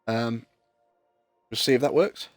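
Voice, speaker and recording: A man's voice: medium pitch, unhurried, dry recording, faint music behind. A man streaming a game, chatting in a rambling way and swearing casually while he has the hiccups. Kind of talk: casual livestream chat while gaming.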